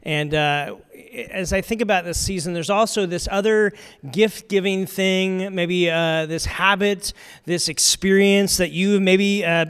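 High-voiced man giving a chatty sermon. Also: steady tone, unhurried, clean tone. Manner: chatty, asks the audience questions, drifts from loud to hushed. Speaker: pastor. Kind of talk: conversational sermon.

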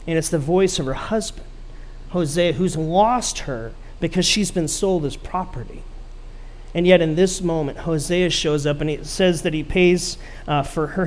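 Male pastor, higher-pitched voice, storytelling sermon, asks the congregation questions. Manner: dry sarcasm.

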